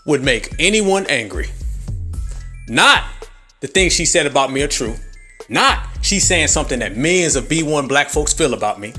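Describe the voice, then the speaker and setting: A man's voice: on the high side, sing-song, moderate pace, pushed and bright, faint music behind. Angry, profane man hosting a podcast. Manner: angry, profane, mocking, with sarcastic mimicry. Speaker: podcast host. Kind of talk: heated political commentary.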